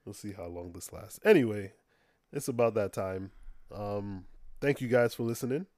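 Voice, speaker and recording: A man's voice: lowish voice, normal speed, darkish tone, dry recording, clean studio sound. Laid-back man co-hosting a podcast. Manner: laid-back, laughs a lot, swears casually. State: injured foot, immobile. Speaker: podcast co-host. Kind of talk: casual chat.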